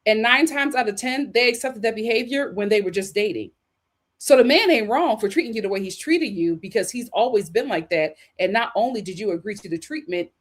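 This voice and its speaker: A woman hosting a livestream, reading viewer comments and giving sassy, emphatic opinions on relationships. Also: on the high side. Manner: sassy, emphatic, repeats punchlines. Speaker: host.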